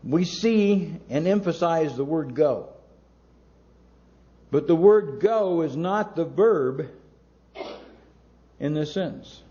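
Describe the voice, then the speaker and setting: A man preaching a sermon in a slow, emphatic way, with long pauses between words. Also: fairly high pitch, animated, dark tone, highs cut off. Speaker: pastor.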